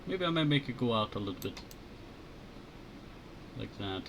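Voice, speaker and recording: A man chatting casually while drawing on a headset mic, thinking aloud in a low-key mutter. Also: very animated, normal speed, noisy background. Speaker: streamer.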